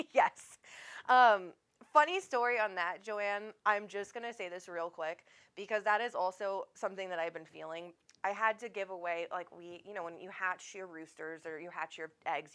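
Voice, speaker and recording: A woman's voice: medium pitch, normal speed, fairly bright tone. A woman, hosting a live stream as a psychic medium, chatting casually, reading viewer comments aloud, laughing often and swearing freely.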